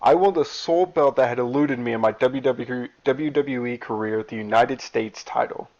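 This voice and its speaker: A man's voice: medium pitch, normal speed, a little mellow, lightly acted. A man voicing a proud male wrestling champion giving a grandstanding promo speech. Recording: dull lo-fi recording.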